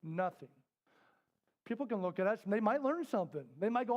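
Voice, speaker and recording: A middle-aged man teaching a parenting workshop, talking candidly to a live group. He tells stories, acts out the voices in them and drops to a soft, quiet tone for serious points. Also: extremely high pitch, animated, a little fast, muffled recording. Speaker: parenting class instructor. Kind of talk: storytelling workshop talk. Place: indoor classroom with a live group.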